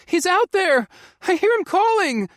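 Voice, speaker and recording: A man voicing a terrified young woman who shouts in hysterics. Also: very high voice, sing-song, unhurried, dry recording, clean studio sound, voice pushed up, exaggerated voice. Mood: frantic. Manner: shrieking, hysterical.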